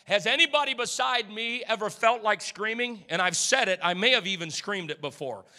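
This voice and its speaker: High, sharp-toned fervent preacher man. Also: animated, normal speed, long reverb tail. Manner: fervent, exhorting, calls out to the congregation. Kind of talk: energetic sermon. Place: church.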